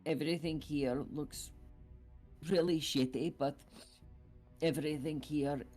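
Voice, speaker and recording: Guy playing a teary young woman hero, stammers a lot, slow and earnest, faint music behind. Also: fairly high pitch, fairly even intonation, darkish tone. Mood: tearful pleading. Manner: halting, stammering, apologetic. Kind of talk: roleplaying a tabletop game character.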